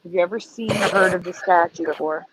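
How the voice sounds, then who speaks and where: A woman's voice: fairly low pitch, fast, heavy background noise. A woman co-hosting a casual livestream chat, explaining pictures and asking viewers questions. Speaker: co-host. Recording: dull lo-fi stream audio.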